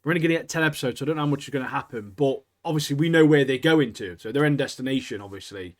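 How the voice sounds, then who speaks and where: A man's voice: medium pitch, racing. Slangy, enthusiastic man. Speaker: podcast co-host. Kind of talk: casual chat.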